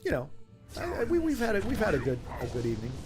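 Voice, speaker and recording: A man's voice: sits high, wildly swooping pitch, fast, over music. A man hosting a livestream, chatting in a rambling way and reading viewer messages aloud, his voice a little worn. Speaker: livestream host. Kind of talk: casual livestream chat.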